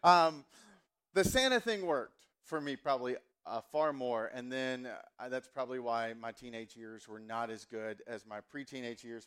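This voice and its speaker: A man's voice: mid-range voice, fairly bright tone. A man in his forties, from the American South, preaching a sermon as a pastor in a casual, joking way with many fillers. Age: 40s.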